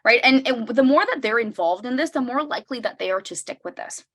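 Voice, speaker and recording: A young adult woman giving a parenting workshop over a video call. She talks conversationally, keeps asking "right?", and acts out parent lines in a brighter voice. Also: a little high, lively intonation, a little fast. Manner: conversational, tags sentences with "right?". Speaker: workshop presenter. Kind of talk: online parenting workshop talk.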